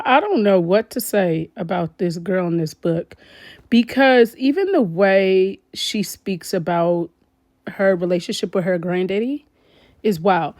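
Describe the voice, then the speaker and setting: A woman vlogger gives casual commentary straight to her viewers. She sounds animated and exclaims often, with a mid-pitched voice. The recording is dry and close, with no room sound. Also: no echo.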